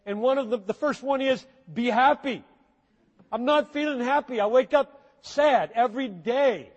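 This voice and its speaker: A man preaching a sermon with earnest intensity, swinging between hushed, low passages and sudden emphatic bursts. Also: moderate pace, dull audio. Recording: long hall reverb.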